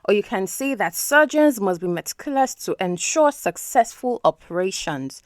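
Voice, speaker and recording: Her mid-range voice is expressive and moderately paced as this English teacher and podcast host patiently explains vocabulary, frequently checking that the listener is following. The sound is studio-clean, with no room sound.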